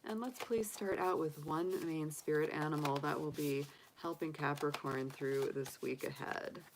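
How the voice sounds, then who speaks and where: A woman reads tarot cards in a relaxed, chatty livestream. She talks in an upbeat way and fills her sentences with ums and you-knows. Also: low voice, a little slow, background noise. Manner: chatty, upbeat, filler-heavy. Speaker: tarot reader. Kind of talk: casual livestream reading.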